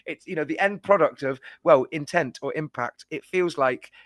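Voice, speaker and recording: A man talking as a guest on a casual live-stream football chat, animated and wry, jumping into quick tangents and swearing bluntly. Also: on the high side, dry recording.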